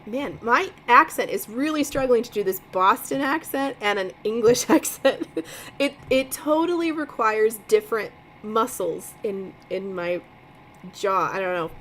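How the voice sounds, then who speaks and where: A woman's voice: a little high, measured pace, fairly bright tone, a little hiss or hum, low-quality recording. A woman hosting a livestream, reading a mystery novel aloud with chatty asides. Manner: chatty, laughs at herself. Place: home, livestream.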